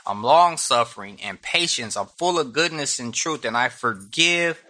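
A man voicing God with a calm, declaring manner. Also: mid-range voice, normal speed. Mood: solemn. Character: God, calm and authoritative male voice.

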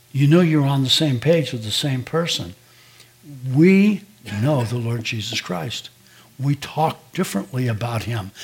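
An older man, a pastor, preaching a sermon in a conversational, storytelling way, acting out quoted dialogue. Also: medium pitch.

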